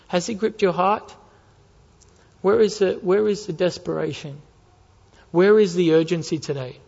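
Male pastor, sermon, impassioned and urgent, slightly high voice, long church reverb, muffled recording. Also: moderate pace. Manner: impassioned preaching, building to urgent near-shouts. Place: church sanctuary.

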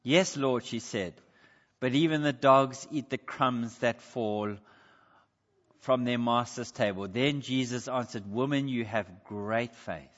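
A man's voice: medium pitch, slow, fairly bright tone. A man preaching a sermon in an earnest, questioning way, with slips and self-corrections. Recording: dull sound with long hall reverb.

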